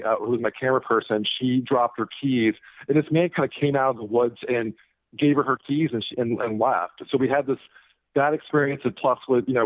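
A guest author, a man with a mid-pitched voice, chats casually in an interview, rambling with lots of fillers and restarts. The audio is thin and phone-like, like radio, with no room sound and no echo.

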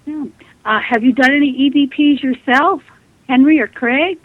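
A woman's voice: high voice, normal speed, no echo, phone-quality sound. A woman recounting her experiences earnestly as a guest on a radio interview. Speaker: guest, spiritualist medium. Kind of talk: storytelling interview.

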